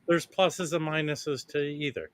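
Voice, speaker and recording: A man's voice: fairly high pitch, steady tone, a little slow, a bit bright, no echo. A man co-hosting a livestream in casual banter, teasing with dry, crude jokes. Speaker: co-host.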